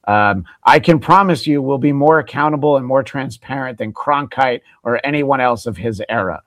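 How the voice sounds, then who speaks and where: A man's voice: medium pitch, moderate pace, a bit bright, dry recording. Sarcastic man host, bone-dry sound. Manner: sarcastic, laughs often, stumbling fillers. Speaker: podcast host. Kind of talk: mocking commentary on news clips.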